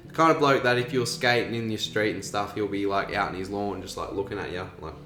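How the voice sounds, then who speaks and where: A man's voice: on the low side, steady tone, fast. Aussie guy rambling on a podcast, laid back, swears a bit, echoey room. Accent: Australian. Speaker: guest, animation creator. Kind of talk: casual podcast chat. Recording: echoey room, faint music.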